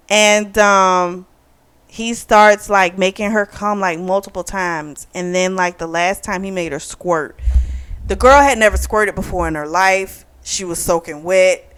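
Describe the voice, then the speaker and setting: A woman's voice: mid-range voice, a little slow, clean tone. A woman hosting a book club channel, giving a chatty, opinionated review full of fillers.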